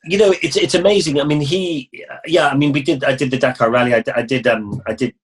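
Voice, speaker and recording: A man's voice: mid-range voice, quick pace, slight background noise, rough recording. A middle-aged man, an interview guest, telling travel stories in a rambling way, full of restarts and acted-out exchanges. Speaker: interview guest, motorcycle adventurer. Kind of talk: casual interview storytelling.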